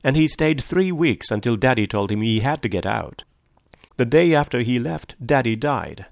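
A man's voice: mid-range voice, lively intonation, normal speed, gravelly, dry recording. A man reading an audiobook, voicing a cool young sportswoman who tells things in a dry, matter-of-fact way.

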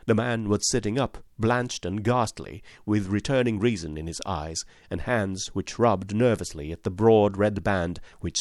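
A man narrating a classic detective story in a measured, precise audiobook reading, voicing the detective's lines too. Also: fairly low pitch, dry recording, clean studio sound.

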